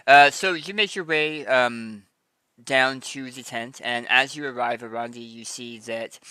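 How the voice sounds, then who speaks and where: A man running a tabletop game, narrating in a bright, forward voice. He takes his time, stopping often for ums and small restarts, and the sound is close and dry. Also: medium pitch, a little slow, clean tone, no echo. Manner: relaxed, many ums and restarts. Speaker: game master.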